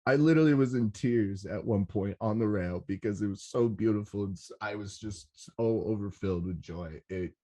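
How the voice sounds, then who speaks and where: A young man hosting a rave podcast, talking in an excitable, rambling way and swearing often. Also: fairly low pitch, normal speed, few pauses. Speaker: podcast host. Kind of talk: casual solo podcast recap.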